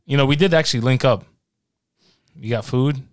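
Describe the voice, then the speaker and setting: A man's voice: mid-range voice, normal speed, clean tone, dry recording, clean studio sound. A young man co-hosting a casual podcast with his brother, playful and teasing. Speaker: podcast co-host. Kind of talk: casual chat.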